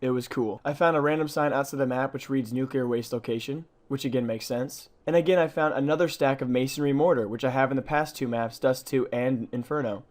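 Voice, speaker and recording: Fast-talking man narrating a game video. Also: medium pitch. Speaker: gaming channel host.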